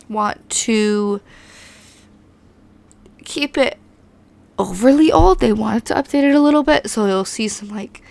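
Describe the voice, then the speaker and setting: A hoarse woman, recovering from being sick, hosting a video with a chatty, rambling voice-over recorded on a home mic. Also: on the high side. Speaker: host. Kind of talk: casual voice-over narration.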